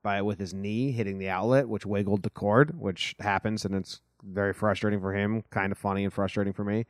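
A man's voice: lowish voice, steady tone, fairly quick, no room sound, clean studio sound. A man hosting a casual podcast chat from his small house, rambling in an easygoing way. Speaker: podcast host.

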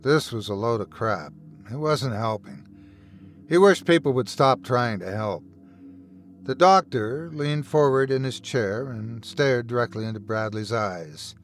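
Male horror podcast narrator, dramatic reading, animated pitch. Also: unhurried, soft background music. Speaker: storyteller and podcast host.

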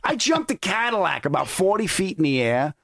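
A man's voice: high-pitched, very animated, brisk, gravelly, a bit bright, no echo, clean studio sound. A man hosting a podcast in casual chat, telling jokey stories. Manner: storytelling, jokey. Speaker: podcast host.

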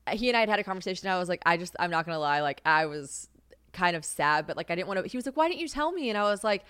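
With a smooth, lowish voice in studio-quality audio free of room sound, a young podcast host chats casually and candidly about her life. She's profane and animated, laughing a lot and performing quoted voices.

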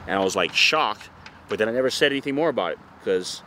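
A fast-talking surfer with a voice on the low side describes a surf experience in a casual interview, wandering off track and swearing throughout his animated account. He hails from Oahu's North Shore in Hawaii, and slight background noise can be heard.

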